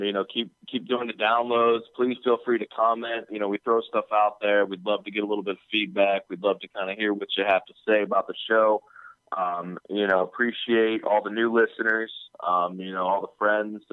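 A man's voice: lowish voice, flat delivery, moderate pace, smooth, no room sound. Laid-back man on a tinny phone line. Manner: laid-back, swears freely, chuckles. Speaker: podcast co-host. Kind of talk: casual chat.

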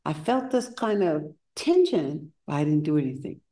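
With a low, expressive and mellow voice, a woman meditation teacher delivers a dharma talk at a retreat. She unfolds her stories slowly, giving the people she quotes their own acted voices.

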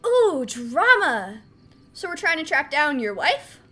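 A woman's voice: sits high, sing-song, normal speed, pushed and bright. A woman hosting a game playthrough, playful and goofy in her commentary. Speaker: gaming video host. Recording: voice over game music.

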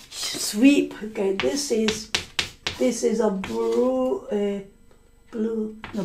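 A woman teacher telling a story to language learners, slowly repeating and explaining words, often correcting herself. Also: fairly high pitch, steady tone, noisy background.

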